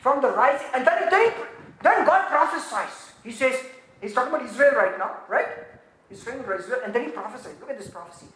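High-voiced woman preaching in an echoey room. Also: quick pace. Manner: animated, building to shouts; laughs often while preaching. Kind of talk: sermon. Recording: roomy echo.

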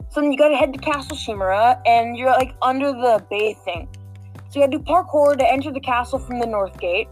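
Rambling woman with a high voice. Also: poor audio. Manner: rambling, full of fillers and restarts. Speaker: game walkthrough guide. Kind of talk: casual walkthrough chat.

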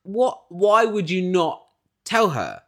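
A man's voice: sits high, slow. A man hosting a casual reality TV recap, talking in an opinionated way and swearing often. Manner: animated, opinionated, swears a lot.

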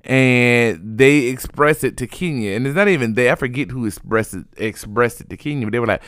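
A man giving a sassy, chatty recap of reality TV gossip, animated and full of fillers, yawning now and then. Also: medium pitch, a little fast, few pauses, clean tone, dry recording. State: sleepy, yawning.

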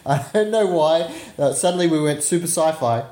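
A man's voice: fairly high pitch, moderate pace, a little mellow, a little hiss or hum. A man co-hosting a podcast, casually retelling a film's plot with frequent fillers. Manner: loose retelling with fillers and chuckles. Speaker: podcast co-host reviewing a film. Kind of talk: casual chat recapping a movie. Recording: roomy echo.

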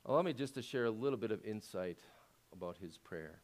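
Expressive and brisk, a male pastor gives a conversational sermon peppered with rhetorical questions to the congregation. Making a point sends his voice louder and higher.

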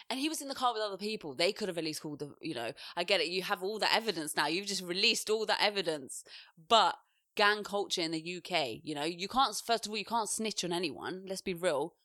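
A young woman co-hosting a podcast, telling animated stories and acting out what people said in casual chat. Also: lowish voice, brisk, dry recording, studio quality. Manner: animated storyteller, acts out quotes loudly. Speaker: podcast co-host.

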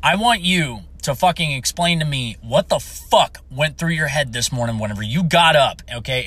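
Foul-mouthed Marine vet, bright and forceful. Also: male voice, medium pitch, no echo. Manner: heavy swearing, blunt and heated. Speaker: Marine veteran telling a story. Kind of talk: profane storytelling rant.

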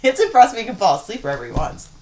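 A young woman chatting frankly as a podcast guest, talkative and quick to laugh. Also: mid-range voice, big pitch swings, dark tone. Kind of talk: casual chat.

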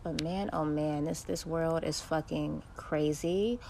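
A woman's voice: low-pitched, steady tone, takes it slowly, gravelly, background noise. A young woman hosting a podcast, ranting bluntly and profanely in a casual monologue. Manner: profane, blunt, heated storytelling. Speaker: podcast host.

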